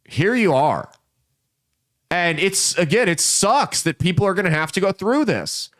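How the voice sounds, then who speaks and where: A man with a fairly high-pitched voice hosts an opinionated political commentary show. He tells folksy parables and slips into quick voices for the people in them. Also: expressive, fairly bright tone. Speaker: podcast host.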